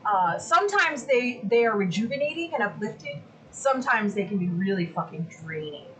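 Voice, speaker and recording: A woman hosting a casual livestream from home, chatty and excitable, who swears freely. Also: fairly high pitch, normal speed, low-quality recording. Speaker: livestream host.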